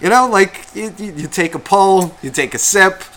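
Bright-voiced sick man telling a story. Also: high voice, lively intonation, moderate pace. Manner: profane, self-mocking storyteller acting out quotes. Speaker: podcast co-host. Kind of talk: casual storytelling chat.

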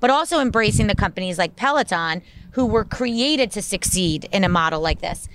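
A woman's voice: mid-range voice, animated, fairly quick, background noise. A woman moderating a live panel outdoors, chatty and affirming. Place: outdoor deck.

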